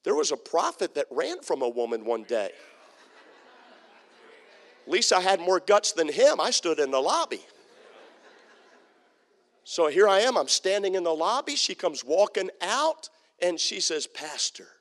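Here a pastor with a high voice preaches at a measured pace, pausing often, while a long reverb tail hangs in the church sanctuary. He tells funny stories animatedly, bringing the people in them to life with acted-out quotes.

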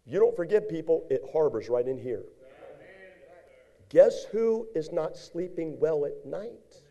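A man pastor preaching a lively sermon, acting out little scenes and rising to shouts at his peaks. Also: fairly high pitch, unhurried, highs cut off.

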